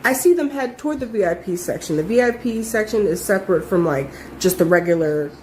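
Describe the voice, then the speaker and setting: A young adult woman telling a story in a casual, animated way, full of swearing and emphasis. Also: mid-range voice, fairly quick, slight background noise.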